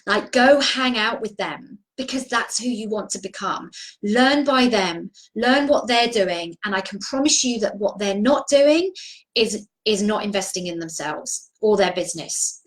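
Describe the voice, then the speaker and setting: A woman's voice: mid-range voice, lively intonation, a little slow, low-quality recording. Woman, encouraging coach, earnest, restarts phrases, live video-call sound.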